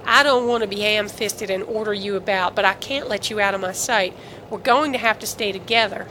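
Woman reading as a steady, earnest army officer. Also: medium pitch, slight background noise, natural voice, low-quality recording. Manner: measured, diplomatic yet firm. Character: steady male military officer, protective and earnest. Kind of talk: audiobook character reading.

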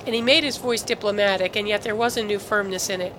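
A woman narrating a novel as an audiobook, with even, steady storytelling. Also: medium pitch, fast, slight background noise, low-quality recording. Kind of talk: scripted narration.

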